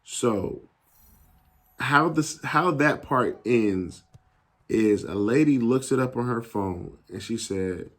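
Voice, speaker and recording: A young adult man telling a casual story in an animated, slangy way, acting out the people he quotes. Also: medium pitch, slow pace. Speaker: YouTube gaming channel host.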